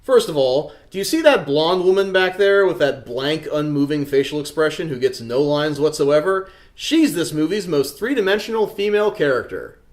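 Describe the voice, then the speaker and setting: A man hosts a comedy movie review with a dry, snarky edge. His voice sits a bit high and swings widely in pitch. He shifts easily from deadpan jabs to bigger, bouncier lines. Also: moderate pace, hardly any pauses. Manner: sarcastic, snarky. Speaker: host of a movie review show.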